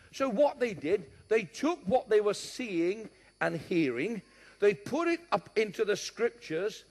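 A middle-aged man with a West London accent preaches a sermon in a high, lively voice that swings widely in pitch. He drives his points home emphatically and drops in joking asides. His voice carries a long reverb from a large hall. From born in Scotland, raised partly in London.

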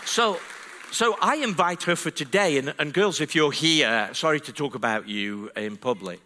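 Bright-voiced male pastor preaching. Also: a little high, lively intonation, normal speed, a little hiss or hum. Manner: chatty, self-deprecating, builds to fervent emphasis. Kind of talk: sermon with storytelling.

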